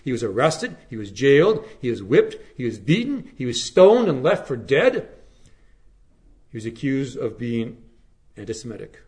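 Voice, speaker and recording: A male pastor delivering a slow, emphatic sermon, letting his phrases fall to a hush at the ends. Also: medium pitch, sing-song. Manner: slow, emphatic preaching with hushed, falling phrase endings.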